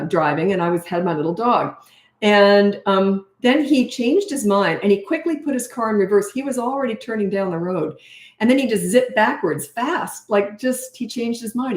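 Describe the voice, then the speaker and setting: A middle-aged woman giving parenting advice in a casual, blunt way, acting out the dialogue she quotes. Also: medium pitch. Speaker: parenting coach. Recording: echoey room.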